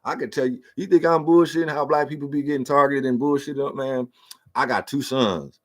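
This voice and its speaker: A man's voice: mid-range voice, brisk. A middle-aged man telling a personal story in a casual, profane and emotional rant.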